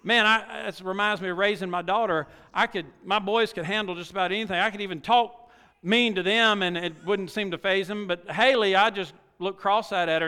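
Folksy middle-aged preacher, high bright voice. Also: male voice, smooth. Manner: folksy, with rhetorical questions and swings from quiet asides to loud exhortation. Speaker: pastor. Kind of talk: sermon. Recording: long reverb of a large hall.

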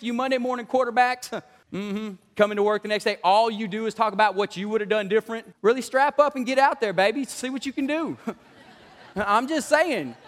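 High-voiced man preaching, hall echo. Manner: animated, joking, laughs often. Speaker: pastor. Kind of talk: sermon. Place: church sanctuary. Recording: long church hall reverb.

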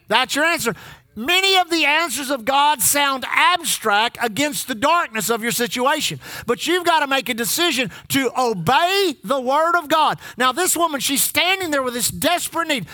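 High, bright-voiced preacher in a sermon. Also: male voice, dry recording. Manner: call-and-response preaching, repeating lines for the congregation; swings between loud emphasis and low asides. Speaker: pastor.

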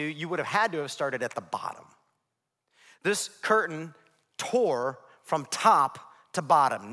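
A man's voice: on the high side, bright, forceful tone. A man, preaching a sermon as pastor and building his points into emphatic, rising lists. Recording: long reverb of a large hall.

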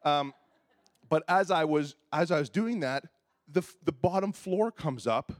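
A man's voice: fairly high pitch, expressive, a little slow, dry recording, clean studio sound. A man in his fifties, a pastor telling a humorous, self-deprecating story in a sermon and acting out the voices of the people in it.

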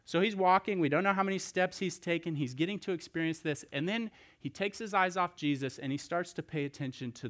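A man's voice: a little high, a little fast, a bit bright. Conversational male pastor preaching a sermon. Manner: conversational, storytelling with restarts and rhetorical questions.

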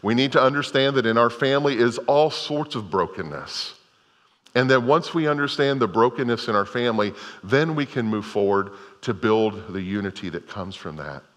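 A man's voice: mid-range voice, normal speed, a bit bright. A middle-aged man preaching a sermon as a pastor, telling a story in a folksy way with many restarts. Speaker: Methodist pastor. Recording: long hall reverb.

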